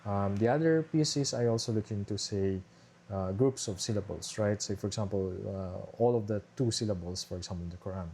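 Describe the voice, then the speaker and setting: Young male presenter, low and warm, casual explanatory walkthrough with fillers; faint background hum. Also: a little fast. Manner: explanatory, many fillers and restarts, tag questions. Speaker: presenter explaining his thesis research. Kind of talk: casual screen-share walkthrough. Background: airplane noise from a nearby airport.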